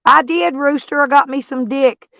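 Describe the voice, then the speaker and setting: A woman's voice: high voice, steady tone, normal speed, vocal fry, a bit bright, no room sound, rough recording. A woman hosting a casual livestream chat from her van, blunt and crude, laughing often. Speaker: livestream host.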